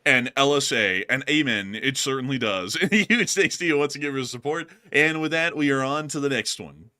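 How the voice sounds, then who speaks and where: A man's voice: medium pitch, normal speed, bright, forceful tone. A male co-host chatting casually on a livestream, laughing often and thanking supporters.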